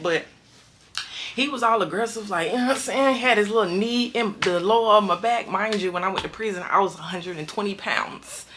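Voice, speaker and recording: Bright-voiced woman telling a story. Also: a little hiss or hum. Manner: emphatic, slangy, acts out quotes with big jumps in pitch. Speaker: vlogger telling a prison story. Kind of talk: animated storytelling to camera.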